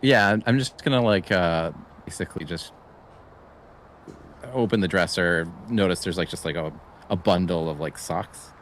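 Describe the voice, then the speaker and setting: A man playing a tabletop game, describing his character's actions hesitantly, with many pauses. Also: deep voice, slight background noise. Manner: hesitant, many fillers and restarts. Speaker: player. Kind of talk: casual tabletop play.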